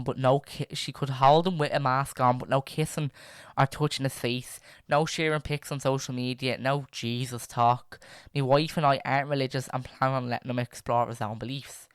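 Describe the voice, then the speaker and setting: A man's voice: medium pitch, smooth, dry recording, studio quality. A young man, chatting casually and reading stories aloud as a podcast host, rambling with many fillers and restarts.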